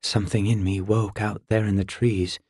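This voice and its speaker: A man voicing a brooding young warrior in an audiobook, in a low, subdued, weighed-down tone. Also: level tone, moderate pace, darkish tone, husky, no echo, studio quality. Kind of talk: audiobook character voice.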